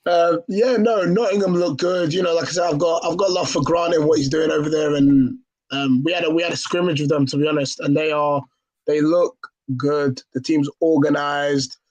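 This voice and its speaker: Measured, slightly high-voiced male co-host. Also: steady tone, a little mellow, dry recording, rough recording. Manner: measured, hesitant restarts. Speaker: podcast co-host. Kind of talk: casual sports chat.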